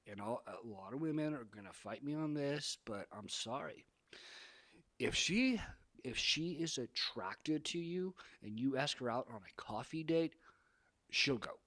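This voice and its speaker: A man's voice: mid-range voice, expressive, moderate pace, sharp tone. A man talking straight to camera, giving dating advice in an emphatic, preachy way, repeating phrases for effect. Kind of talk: casual advice monologue.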